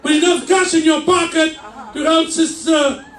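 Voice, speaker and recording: A man preaching a fervent sermon in a church, shouting his points with call and response. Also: very high-pitched, fairly even intonation, normal speed. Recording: echoey church mic from far off.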